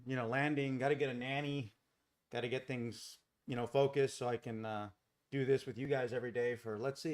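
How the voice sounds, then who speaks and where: A man hosting a live trading stream, talking casually and answering viewers from the chat by name. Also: a little high. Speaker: day trading livestream host. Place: home in Costa Rica. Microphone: desk mic without boom arm.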